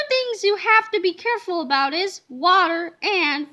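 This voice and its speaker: Very high, bright woman reading aloud. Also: moderate pace. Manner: expressive, playful storybook delivery. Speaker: reader. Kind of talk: reading a children's book aloud.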